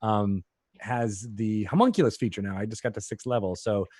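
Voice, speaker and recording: A man chatting as a roundtable guest, halting with many fillers. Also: on the low side, a little mellow, dry recording, clean studio sound. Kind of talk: casual chat.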